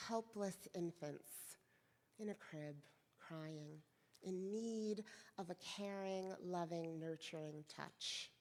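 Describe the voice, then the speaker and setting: Slow-speaking woman minister in a reverberant hall. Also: medium pitch, vocal fry, a little mellow. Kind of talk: slow, gentle sermon. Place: church sanctuary.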